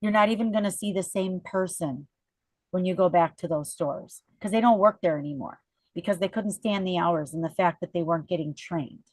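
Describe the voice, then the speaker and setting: A woman's voice: on the low side, brisk, no echo. Chatty middle-aged woman rallying her team. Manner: animated storyteller, keeps checking in with "okay?" and "you guys". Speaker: sales team leader. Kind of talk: chatty motivational team-meeting talk.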